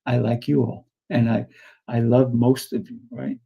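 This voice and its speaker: A man's voice: medium pitch, fairly even intonation, unhurried, vocal fry, mellow, a little hiss or hum. A man hosting an interview show, telling anecdotes and acting out both sides of the conversations. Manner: tells anecdotes, acts out both sides of dialogues. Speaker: podcast host. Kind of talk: conversational storytelling.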